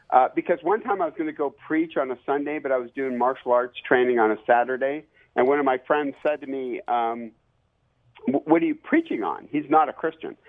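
A man, an author and professor, telling lively stories with many fillers as a guest on a radio interview. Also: medium pitch. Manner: lively, animated storyteller with fillers. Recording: tinny phone line.

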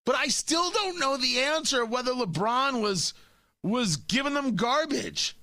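Male talk radio host, blunt and combative, lively high voice, dry studio sound. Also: a little slow, no room sound. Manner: blunt, combative, stammers into restarts.

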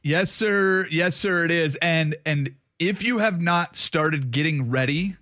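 A man's voice: takes it slowly, no room sound, studio quality. A man co-hosting a weekend sports radio show, joking and bantering with his partner. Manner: animated, joking, booming greetings. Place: radio studio.

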